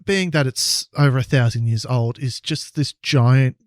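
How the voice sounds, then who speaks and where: A man co-hosting a comedy podcast, retelling a story with teasing, quick banter. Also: medium pitch, no room sound, clean studio sound. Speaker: podcast co-host.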